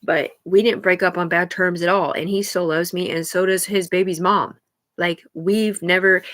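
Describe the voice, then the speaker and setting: A woman's voice: fairly low pitch, steady tone, moderate pace, fairly bright tone. Agitated, rambling woman streaming live.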